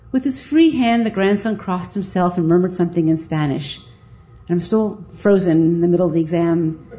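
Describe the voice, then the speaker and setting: A woman, a physician, telling a live story in a lively, self-mocking way, with a dull lo-fi sound. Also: lowish voice, normal speed.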